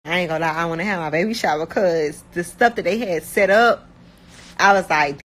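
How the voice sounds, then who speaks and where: A young woman from Miami with a Miami accent, chatting casually and bluntly, talking fast with lots of slang and filler words. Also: fairly low pitch, a bit bright, poor audio. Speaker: rapper talking about her life. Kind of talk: casual chat.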